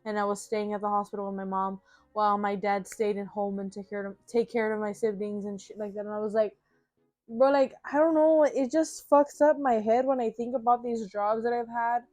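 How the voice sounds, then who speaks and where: A woman's voice: medium pitch, fairly even intonation, fairly quick, a little mellow, no room sound. A young woman tells a work story in a casual, blunt and profane way, with many fillers. The recording is dry and close. Faint music plays underneath. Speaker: vlogger.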